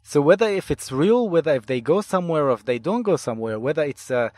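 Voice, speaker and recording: A man's voice: fairly high pitch, animated, a little mellow, dry recording. Dry-voiced man telling therapy cases. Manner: deliberate, repeats and restarts phrases. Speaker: hypnotherapy instructor and podcast host. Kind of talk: podcast monologue recounting client cases.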